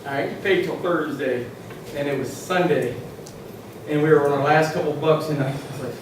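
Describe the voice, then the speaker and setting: A man preaching a sermon who shouts his emphatic lines and tells stories with many fillers. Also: on the high side, normal speed. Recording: echoey church, distant mic, background noise.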